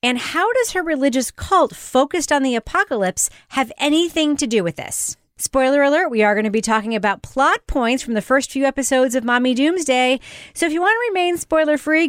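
A woman hosting a podcast review show, chatting in a lively, opinionated way and laughing easily. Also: high-pitched, normal speed, no room sound, studio quality. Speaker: podcast host. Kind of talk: casual review chat.

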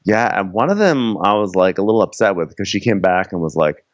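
A man co-hosting a reality TV recap, with wry, laughing commentary. His pitch swings widely as he talks. The recording sounds dull and lo-fi, with a dry, close sound. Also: animated, a little fast, no room sound. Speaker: podcast co-host.

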